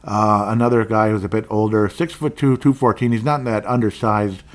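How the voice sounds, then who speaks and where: A man's voice: fairly low pitch, fairly even intonation, normal speed. A man from Minnesota hosting a podcast, rambling through casual sports talk, going off on tangents, and speaking his mind bluntly. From Minnesota, USA. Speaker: podcast host.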